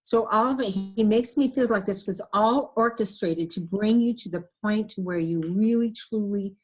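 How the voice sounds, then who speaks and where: A woman speaks in an earnest, gentle way, relaying messages piece by piece. Her pitch sits in the middle range. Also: moderate pace, faint music behind. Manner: earnest, gentle, relays words with many "he says". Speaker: medium. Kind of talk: casual chat, relaying messages.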